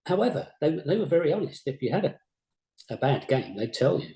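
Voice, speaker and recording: An older man, a former games company boss, recalling his career in a modest, halting way, often repeating words. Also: fairly high pitch, big pitch swings, dark tone. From England. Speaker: former games company CEO, interview guest. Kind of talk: reflective interview chat. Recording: roomy echo.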